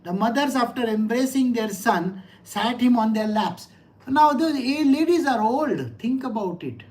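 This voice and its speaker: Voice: medium pitch, lively intonation, a little slow, darkish tone. A middle-aged spiritual teacher gives a conversational scripture lecture, asking listeners rhetorical questions and telling personal anecdotes.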